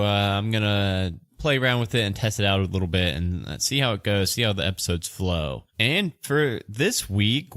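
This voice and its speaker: A man who is a dungeon master and podcast host, doing a casual sponsor read and game narration in a chatty way full of fillers and quick asides. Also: lowish voice, a bit bright, dry recording.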